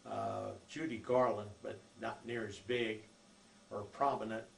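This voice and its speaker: Older male narrator, rough gravelly voice, easygoing anecdote-teller, roomy recording. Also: fairly low pitch, little pitch movement, unhurried. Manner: rambling folksy storytelling with many fillers. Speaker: oral history narrator. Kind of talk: recorded life-story reminiscence. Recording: echoey room with faint noise.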